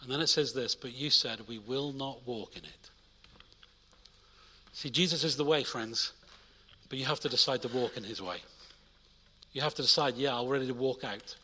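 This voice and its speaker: Bright-voiced man preaching in a reverberant hall. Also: mid-range voice, normal speed, long pauses, a little hiss or hum. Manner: energetic, swings between loud urging and quiet intimate asides. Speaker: pastor. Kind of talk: sermon. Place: church.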